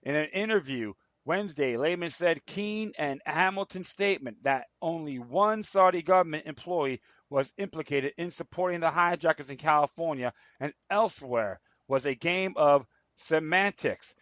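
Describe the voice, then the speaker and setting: A man's voice: on the high side, normal speed, few pauses, fairly bright tone, dry recording, dull audio. A man hosting his own political commentary show, reading articles aloud and rambling, stumbling and repeating himself. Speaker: show host.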